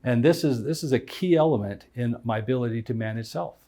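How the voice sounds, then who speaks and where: A man's voice: medium pitch, quick pace, dark tone. A middle-aged man teaches in a methodical way, setting out one numbered point at a time. His voice sits in an ordinary middle register. He backs each point up with a story from his own life. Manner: methodical, lays out numbered points and explains each with personal stories. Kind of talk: instructional talk on emotional intelligence.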